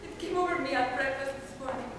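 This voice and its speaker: A woman's voice: sits high, quick pace, over music, lightly acted. An actress playing a tearful, fretful mother of the groom, emotional and pleading, on a theater stage. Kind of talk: stage play acting. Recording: roomy hall, from far off.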